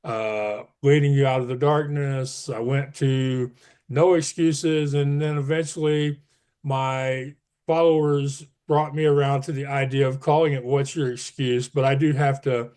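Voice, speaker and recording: A man's voice: mid-range voice, steady tone, a little slow, a little mellow, clean tone. A man speaking as a podcast guest, earnest and emphatic, pushing up his voice on key advice. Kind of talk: casual interview talk.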